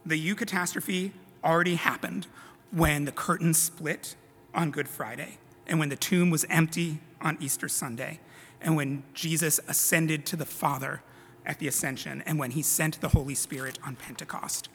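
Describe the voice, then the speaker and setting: A man's voice: a little high, steady tone, normal speed, fairly bright tone, slightly rough, big-room sound. A man preaching a sermon to his congregation in a conversational way, with casual self-deprecating asides. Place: church sanctuary.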